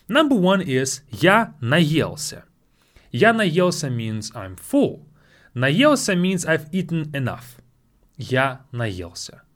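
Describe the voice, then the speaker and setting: A man teaching a spoken language lesson, patiently repeating each phrase slowly and explaining it into his own microphone. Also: on the high side, a bit bright.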